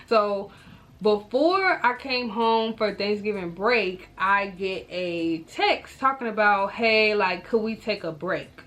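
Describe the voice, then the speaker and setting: A young adult woman telling a personal story to her viewers in a casual vlog, animated and talking straight to them, acting out her own reactions. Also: medium pitch, slow.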